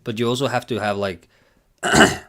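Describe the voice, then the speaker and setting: A man's voice: medium pitch, fairly even intonation, normal speed, bright, forceful tone. A man with a nasal voice streaming a live reaction, chatting casually in a rambling, giggly, self-deprecating way.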